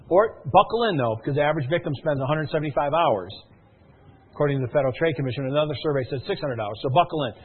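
Fast-talking husky man over a phone-like line. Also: fairly high pitch. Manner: energetic, keeps checking in with listeners. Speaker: sales presenter. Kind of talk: sales pitch with storytelling. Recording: narrow phone-like sound.

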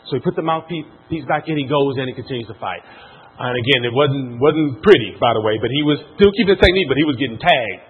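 A man giving a motivational talk to a live audience, telling a story with animated, pushing emphasis. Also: medium pitch, quick pace, slightly rough. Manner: animated storytelling, rising and pushing on key points. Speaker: motivational speaker. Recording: tinny phone-like sound.

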